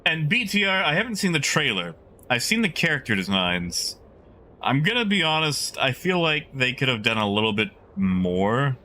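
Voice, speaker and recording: A male game streamer talking casually to his live chat. He rambles and thinks out loud, and his voice swings up and down freely. The tone is bright and forward. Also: medium pitch, big pitch swings, moderate pace, slight background noise. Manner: rambling, chatty, musing aloud to chat.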